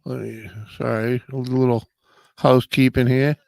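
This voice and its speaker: A man's voice: medium pitch, little pitch movement, normal speed, vocal fry, a little mellow, dry recording. A man hosting a casual late-night live chat, laid-back and drawling, greeting viewers by name while coming down with a cold. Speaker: live stream host.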